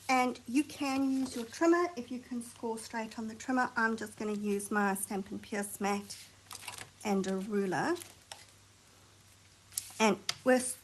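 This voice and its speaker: A woman hosting a craft tutorial, chatting and thinking aloud as she works, sometimes dropping to a soft near-whisper while she concentrates. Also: a little high, slight background noise, low-quality recording. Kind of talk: chatty hands-on craft demonstration.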